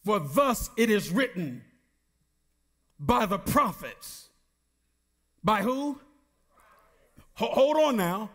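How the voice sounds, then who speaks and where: Middle-aged pastor, male, high animated voice, deliberate preaching delivery. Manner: preaching with call-and-response questions to the congregation; reads scripture slowly with emphasis. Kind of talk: sermon.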